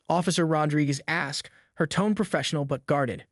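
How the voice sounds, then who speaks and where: A man's voice: on the high side, moderate pace, dry recording. Man narrating a story, dry sound.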